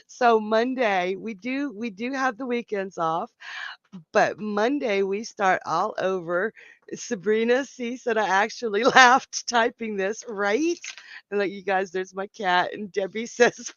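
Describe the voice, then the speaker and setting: A man's voice: sits high, a little slow, a bit bright, no echo, highs cut off. A man hosting a live psychic show, giving a tarot reading and chatting with viewers as he reads out their comments. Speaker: psychic host.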